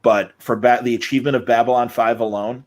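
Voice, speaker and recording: With a medium-pitched, darkish voice that stays steady, this podcast host talks fast. He's an enthusiastic, meandering storyteller in a relaxed conversation, performing other people's lines as he quotes them.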